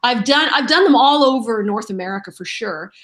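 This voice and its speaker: A middle-aged woman, a voice actress, telling stories in a lively, self-deprecating way during a casual interview. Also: fairly high pitch, brisk. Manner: animated, self-deprecating storyteller. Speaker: voice actress guest.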